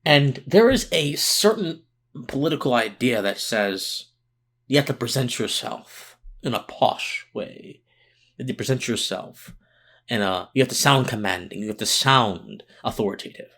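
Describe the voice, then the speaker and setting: A man hosts a political commentary podcast, speaking off the cuff at a mid-range pitch. He sounds mentally worn out and slower than his usual pace. Still earnest and impassioned, he stumbles into restarts as he pushes his points. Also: animated, a bit bright.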